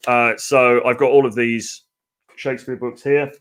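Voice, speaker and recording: A man's voice: medium pitch, level tone, a little slow, fairly bright tone. A British man hosting a live Q&A as a dating coach, reading out viewer comments and thinking aloud in a loose, chatty way. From Britain.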